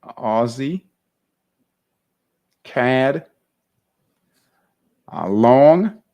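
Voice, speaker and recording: Man, trading show host, unhurried delivery, gravelly voice, lots of "all right?" and "um". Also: medium pitch, expressive, mellow. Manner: thinks aloud over charts, leans on "all right?" and "um". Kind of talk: live trading workshop.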